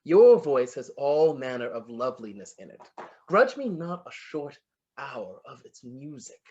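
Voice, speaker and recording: An actor playing a flattering, lovestruck poet in an amateur online stage play, savoring each word and muttering to himself. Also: medium pitch, a little slow, lo-fi sound, a little hiss or hum. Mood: wooing. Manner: florid, wooing, savoring words, muttering to himself. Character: lovestruck, flattering William Shakespeare, a playful poet.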